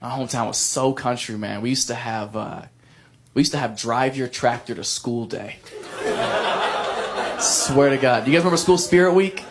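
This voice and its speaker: A man talking candidly and casually, with relaxed swearing, in an interview and a stand-up set. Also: mid-range voice, normal speed, slight background noise. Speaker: stand-up comedian. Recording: music playing behind.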